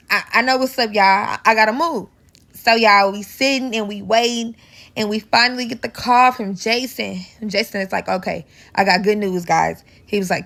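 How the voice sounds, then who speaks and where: A woman's voice: mid-range voice, vocal fry. A woman with a St. telling a casual, profane storytime, acting out the people in it. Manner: animated, profane, acts out quoted dialogue.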